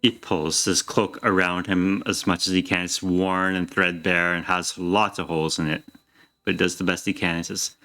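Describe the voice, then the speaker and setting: A man narrating a tabletop game as game master in a relaxed, descriptive way. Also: sits low, moderate pace.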